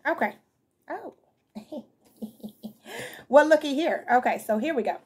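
Chatty woman reading tarot, a bit high-pitched, sleepy and laid back, lots of y'all. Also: animated, measured pace, a little mellow. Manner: chatty, slangy, addresses viewers as y'all and fam. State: just woke up, yawning. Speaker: tarot reader.

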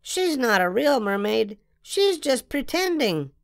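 A woman voicing an excitable little girl with a big imagination, reading with a theatrical, sing-song manner. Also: sits high, slow pace, no echo, exaggerated voice. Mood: playful.

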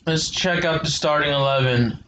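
A man's voice: fairly high pitch, normal speed, fairly bright tone, a little hiss or hum. A man talking casually over gameplay as a YouTuber, rambling and hesitant, often correcting himself. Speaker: gaming YouTuber.

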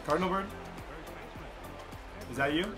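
A young man commentating his baseball video game, animated and talking to viewers, sometimes bursting into shouts. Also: on the high side, moderate pace, over music. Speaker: gaming YouTuber. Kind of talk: excited gameplay commentary.

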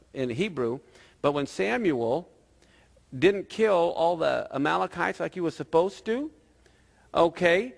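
A male pastor preaching a sermon in a lively, conversational storytelling manner. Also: fairly high pitch, vocal fry, long reverb tail.

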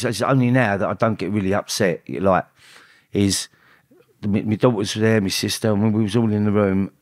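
A middle-aged man, a podcast guest telling a personal story in a halting way, full of restarts and repeated words. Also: fairly low pitch, dry recording, studio quality.

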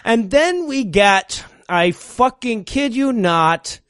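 A man's voice: very high voice, expressive, fairly bright tone, clean tone, no echo. Dry-miked man laughing through movie riffs. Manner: laughs often, quick asides. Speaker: podcast co-host. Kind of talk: casual comedic movie riffing.

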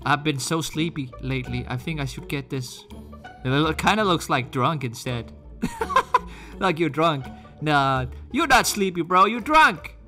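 A man with a high, bouncy voice narrates his gameplay in a rambling, excitable way and keeps chatting back at other players. He laughs often, and his tone is bright and sharp. Faint game music plays behind him. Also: a little slow. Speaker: gaming channel host. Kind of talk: casual gameplay commentary.

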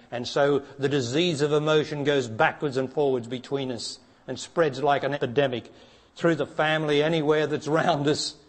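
A man giving a spiritual talk to an audience, blunt and challenging, dropping to hushed tones and then rising to emphatic ones. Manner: blunt, challenging, preacher-like, asks direct questions; swings between hushed low passages and raised emphatic ones. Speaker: spiritual teacher.

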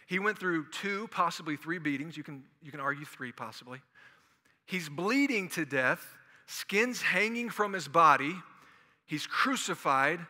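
A man preaches in a church, joking and chatting his way through the sermon. His voice is sharp and bright and sits a little high. The sound carries a long echo from the big hall. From Houston, Texas. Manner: animated, joking, conversational preaching. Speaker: pastor. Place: church sanctuary.

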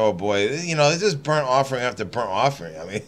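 Here the man's mid-range, fairly bright voice moves fast with big pitch swings, over a little hiss or hum. Reading scripture aloud for his channel, he interrupts himself with rambling, irreverent commentary and plenty of laughter.

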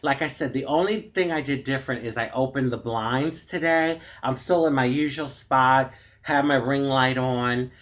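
A woman's voice: very deep voice, moderate pace. American woman rambling to her tablet cam at home, candid, lots of "you know"s. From United States. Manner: chatty, candid and frustrated, rambling with many fillers. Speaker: vlogger. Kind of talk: casual talk to camera. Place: dimly lit room at home. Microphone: tablet camera microphone.

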